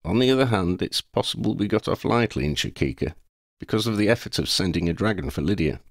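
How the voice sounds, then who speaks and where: A man voicing a sensible young wizard who leads the group, firm and commanding, a little higher than his own voice. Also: expressive, fast talker, no room sound, studio quality.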